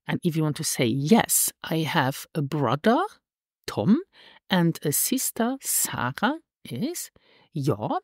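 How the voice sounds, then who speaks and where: A woman teaching a language lesson, saying each phrase slowly and repeating it twice. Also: lowish voice, very animated, a little mellow, no echo, clean studio sound. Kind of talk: slow, clear language lesson.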